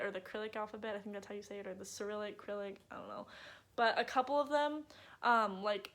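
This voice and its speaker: A young native English-speaking woman with a medium-pitched, slightly bright voice chats casually to camera. Her vlog is bubbly and full of filler words.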